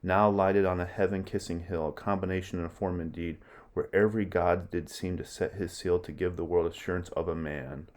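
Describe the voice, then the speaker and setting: A man's voice: deep voice, fairly even intonation, brisk, darkish tone, lightly acted. A man reading as a young prince scolding his mother. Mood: reproachful. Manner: reads verse aloud, plainly. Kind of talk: verse read aloud in class.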